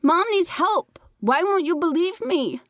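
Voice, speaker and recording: A woman's voice: very high voice, animated, unhurried, fairly bright tone, no echo, clean studio sound, voice pushed up, exaggerated voice. A woman voicing a frantic six-year-old boy who shrieks and pleads for help. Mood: panicked pleading.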